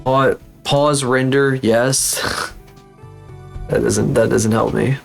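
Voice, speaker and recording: A man's voice: medium pitch, fairly even intonation, slow pace, vocal fry, faint music behind. A man streaming live as a VTuber, rambling and cursing in frustration while still recovering from being sick. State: recovering from illness. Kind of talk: casual live-stream chat.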